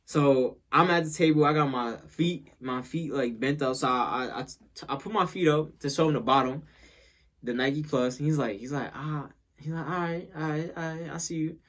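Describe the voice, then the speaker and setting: A man's voice: fairly high pitch, moderate pace, fairly bright tone. A young man telling a casual storytime, rambling and repeating himself as he acts out what people said.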